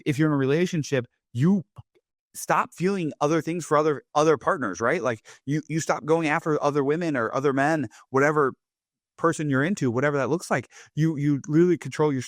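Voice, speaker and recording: A man's voice: fairly high pitch, a little fast, dry recording, clean studio sound. A man hosting his own podcast, talking in a loose, casual monologue full of "like" and "right?". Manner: loose, chatty, leans on "like" and "right?". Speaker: podcast host.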